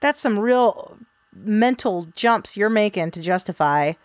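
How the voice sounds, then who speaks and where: A woman's voice: medium pitch, expressive, unhurried, dry recording. A woman co-hosting a podcast, reacting to a story with short exclamations and comments. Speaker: podcast co-host. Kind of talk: casual chat, reacting.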